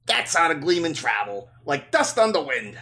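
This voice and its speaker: A man voicing a smooth, showy male traveling storyteller, in a lively and somewhat high voice. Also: normal speed, exaggerated voice.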